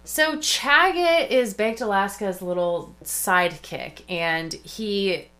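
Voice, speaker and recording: A woman's voice: mid-range voice, slow, fairly bright tone. Sarcastic woman podcast host. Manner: sarcastic, mocking impressions. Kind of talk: casual chat.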